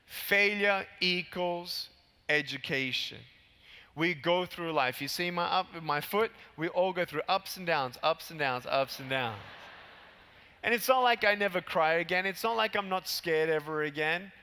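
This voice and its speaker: This keynote speaker, a man in his thirties, has a fairly high, smooth voice and a measured pace. He gives a motivational speech at a big convention, animatedly acting out scenes from his stories, heard through long hall reverb from the PA.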